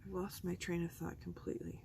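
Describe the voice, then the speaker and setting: A woman's voice: on the low side, fairly even intonation, quick pace, creaky, dark tone, slight background noise. A woman hosting a craft video, chatting casually and thinking aloud as she works at her table. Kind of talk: casual chat while crafting.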